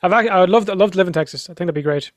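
A man's voice: high-pitched, rapid-fire. A young Irish man chatting casually as a podcast guest, laid-back and swearing freely. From Ireland. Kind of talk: casual chat.

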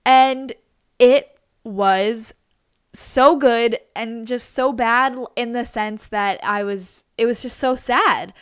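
A woman's voice: fairly high pitch, takes it slowly, clear, resonant tone, no echo, clean studio sound. A woman of twenty-three chatting casually and gushing about what she has watched, full of "like" and "literally". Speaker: vlogger. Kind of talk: casual chat.

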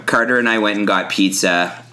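Low-voiced young male co-host, crisp bright edge, teasing and quick to laugh. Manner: joking, laughs often, drinks while talking. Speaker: podcast co-host. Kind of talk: casual podcast chat.

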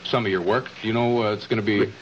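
Halting man hosting a TV talk show. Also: fairly low pitch, fairly even intonation, highs cut off, a little hiss or hum. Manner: halting, filler-heavy questions.

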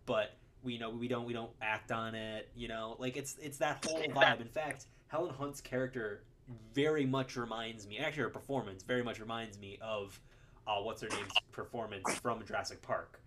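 A man co-hosting a podcast, talking about a film in a casual, animated way, laughing often and restarting his sentences. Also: mid-range voice, moderate pace, slight background noise. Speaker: podcast co-host.

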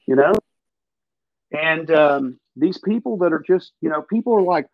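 A man's voice: a little high, expressive, moderate pace, no echo, lo-fi sound. A man hosting a podcast, talking in an emphatic, profane, ranting way. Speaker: podcast host. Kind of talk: casual political chat.

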